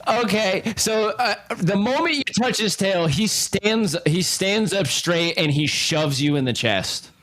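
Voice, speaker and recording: A man's voice: high-pitched, lively intonation, unhurried, hardly any pauses, fairly bright tone. A man narrating as game master of a tabletop game, loose and often laughing.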